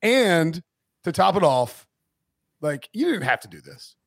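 A man co-hosting a sports podcast in casual chat, talkative and quick to laugh, often stumbling over his words. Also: a little high, big pitch swings, slightly rough, dry recording, clean studio sound. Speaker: podcast co-host.

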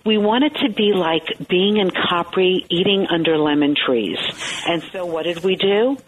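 A woman with a Brooklyn accent, a TV host telling animated, wisecracking stories as a guest in a casual interview. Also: on the low side, a little slow, crowd noise. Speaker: TV morning show host, guest. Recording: tinny phone line, faint hiss.

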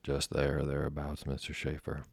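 A man's voice: very deep voice, completely flat delivery, vocal fry, husky, no room sound, studio quality, heavily acted. Man voicing a grave old ship's engineer. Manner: grave, measured. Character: grave older male ship's chief engineer.

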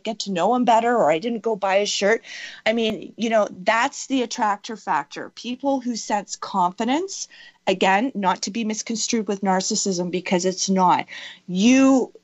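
A woman's voice: mid-range voice, dry recording. Woman coaching someone, super emphatic, repeats stuff, dull muffled audio. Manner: emphatic, repeating key phrases for stress. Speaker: interviewer and mindset coach. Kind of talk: motivational coaching conversation.

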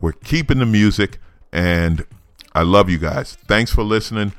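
A man's voice: fairly low pitch, lively intonation, moderate pace, no room sound. A man hosting a comedy news podcast, delivering sarcastic, mocking commentary and laughing at his own jokes. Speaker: podcast host.

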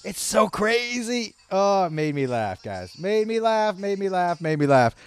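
A man's voice: high-pitched, big pitch swings, unhurried, smooth, dry recording, soft background music. A man hosting his own podcast as a comedian, in a casual, profane, rambling way with laughing asides. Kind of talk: casual solo podcast chat.

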